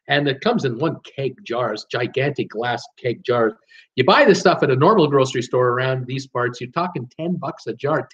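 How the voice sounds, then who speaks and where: A man's voice: medium pitch, a bit bright. A middle-aged man from Canada hosting a casual live show, joking around and reading out viewer comments. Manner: chatty, jokey, reads out viewer comments. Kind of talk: casual live-stream chat. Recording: dull lo-fi stream audio.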